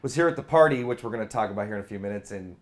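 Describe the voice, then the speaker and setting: A man's voice: fairly low pitch, lively intonation, very fast. A man co-hosting a sim racing show, chatting in an easygoing, enthusiastic way with loose fillers. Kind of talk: casual chat.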